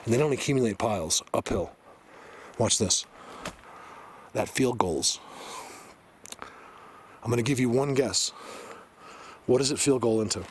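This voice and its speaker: A man vlogging while hiking through a forest, excitedly pointing things out to his viewers in casual walk-and-talk. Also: medium pitch, a little slow, pauses often, slight background noise. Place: forest outdoors, hiking uphill.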